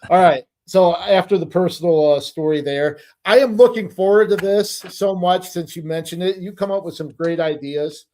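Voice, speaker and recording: A man's voice: high voice, moderate pace, hardly any pauses, warm tone. A middle-aged man co-hosting a podcast, telling stories in a rambling, hesitant casual chat. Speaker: podcast co-host.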